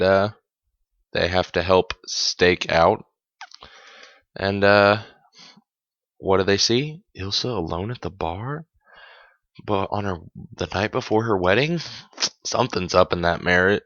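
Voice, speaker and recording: Male podcast host, low voice, chatty and amused, dull dry home recording. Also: fairly bright tone, no echo. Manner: chatty, amused, corrects himself mid-sentence. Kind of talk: casual episode recap.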